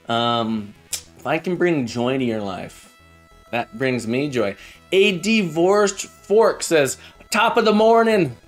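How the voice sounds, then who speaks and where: A man streaming live code, thinking aloud in a halting way with many fillers and restarts, and chatting in a friendly way with his viewers. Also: medium pitch.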